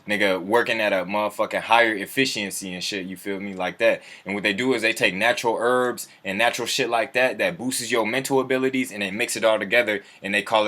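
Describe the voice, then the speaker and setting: A man's voice: fairly low pitch, fairly bright tone. A man chatting loosely with viewers on a livestream, full of profane slang and answering their comments as they come in. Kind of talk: casual livestream chat.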